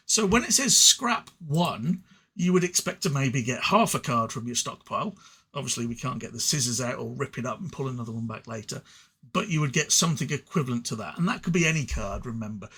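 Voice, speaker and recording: This man's voice is medium-pitched with a sharp tone and a breathy edge. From England and speaking with an English accent, he casually reviews card game cards alone, rambling in a self-deprecating way and stuttering into frequent restarts.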